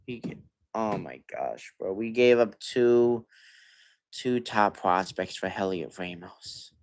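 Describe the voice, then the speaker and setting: A hoarse young man ranting as a sports livestream host, stammering and sighing, swinging between muttered complaints and loud outbursts. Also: lowish voice, animated, slow pace. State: hoarse from yelling. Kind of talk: frustrated fan rant on a livestream.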